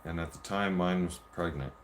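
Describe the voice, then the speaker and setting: A man's voice: low voice, moderate pace, slight background noise. A man telling a heated, profanity-laced story about an ex, re-enacting their arguments as he goes. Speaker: vlogger. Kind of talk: casual storytelling rant.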